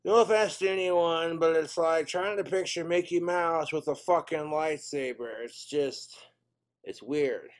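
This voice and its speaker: A comedian delivering a crude stand-up set. His voice sits a bit high for a man. He rambles from one joke to the next in a loose, off-the-cuff way. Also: a little slow.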